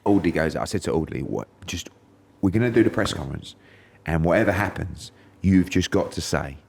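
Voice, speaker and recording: A man's voice: low-pitched, expressive, fairly quick, gravelly, noisy background. A middle-aged man from England, a podcast guest telling a story in casual chat and acting out quotes in raised voices.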